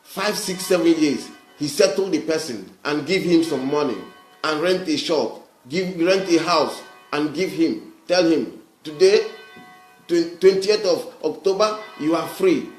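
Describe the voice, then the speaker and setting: Nigerian male livestream host, preachy and repetitive, higher pitch, echoey room. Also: a little slow, faint music behind. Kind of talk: livestream address to viewers.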